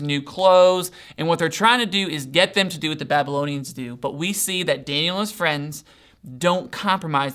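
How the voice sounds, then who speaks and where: A man preaching a casual sermon, retelling a story in an animated, conversational way and often checking in with his listeners. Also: fairly high pitch.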